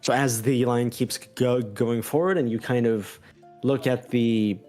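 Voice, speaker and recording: A man narrating a tabletop game as game master, halting and full of fillers and restarts. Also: mid-range voice, darkish tone, faint music behind.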